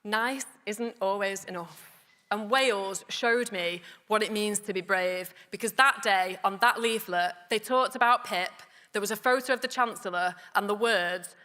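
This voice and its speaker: A woman's voice: mid-range voice, a little slow, bright, forceful tone. A woman with a Bolton accent giving a rousing conference speech on stage, introducing the next speaker with light jokes. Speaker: party politician introducing a speaker. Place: large conference hall on stage. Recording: long hall reverb, faint crowd.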